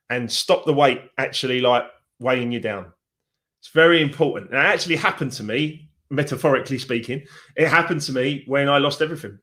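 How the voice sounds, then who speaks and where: A man's voice: medium pitch, a little fast, fairly bright tone. A man, a success coach giving an encouraging, chatty motivational talk on a live stream, with frequent fillers.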